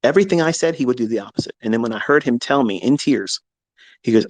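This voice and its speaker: A man, a trading educator, telling a candid personal story in a blunt, profane, animated way. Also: mid-range voice, quick pace, dry recording, low-quality recording.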